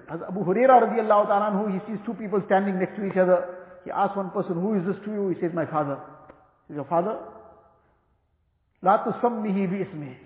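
A man giving a religious lecture as an Islamic teacher, explaining in a measured way, restating each point and reciting Arabic passages. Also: sits high. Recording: tinny, echoey hall recording.

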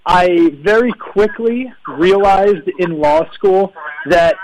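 A young male entrepreneur speaking as a guest on an interview show. He answers in a friendly, measured way, with a fairly high voice. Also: a little mellow, low-quality recording.

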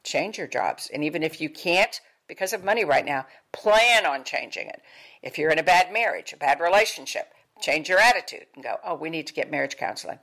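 Older woman, low pitch, motivational talk, emphatic coaching tone, repeats key words. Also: expressive, normal speed, a bit bright. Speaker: wellness speaker.

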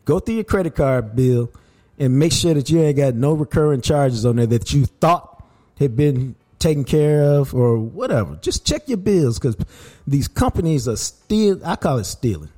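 This podcast host's voice runs on the high side at a normal speed. Chatting casually, he tells stories emphatically and gets animated and worked up as he goes.

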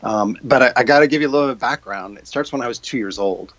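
A man explains his ideas as an interview guest, stopping on fillers and slipping into little acted-out quotes. His voice sits at an ordinary pitch. The recording is dull and lo-fi, with a dry, close sound. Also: quick pace, fairly bright tone, no room sound. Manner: explanatory, acts out quoted reactions, many fillers. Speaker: guest, purpose coach. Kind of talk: conversational interview.

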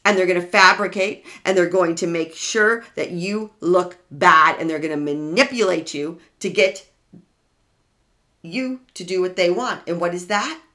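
A woman giving an emphatic explanatory talk, animated and full of rhetorical questions. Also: fairly low pitch, measured pace.

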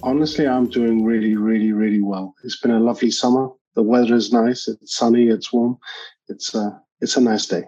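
A man's voice: mid-range voice, steady tone, brisk, mellow, breathy edge, lo-fi sound, soft background music. A man talking as a podcast guest, earnest, often repeating words as he thinks aloud. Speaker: guest, engineering manager. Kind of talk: podcast interview.

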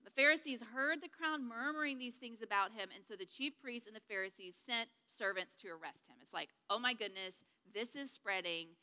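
A woman's voice: on the high side, brisk, few pauses, sharp tone, long reverb tail. A woman teaching a Bible study lesson to a group in a chatty, joking way, checking in with her listeners. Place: large room with a group.

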